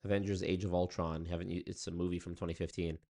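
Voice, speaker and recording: Deep-voiced man streaming casually. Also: little pitch movement, fast talker, creaky, mellow. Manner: loose, rambling, profane. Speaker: streamer reacting to chat. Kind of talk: casual livestream chat.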